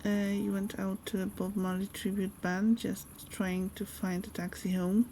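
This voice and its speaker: A woman streamer chatting casually while gaming, relaxed and friendly, greeting viewers by name. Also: mid-range voice, moderate pace, a little hiss or hum.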